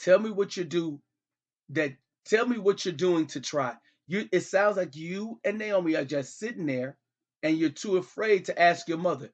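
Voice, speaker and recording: A man's voice: sits high, expressive, normal speed. A middle-aged man hosting a comedy show, talking as a father on a call in a pleading, repetitive, exasperated way.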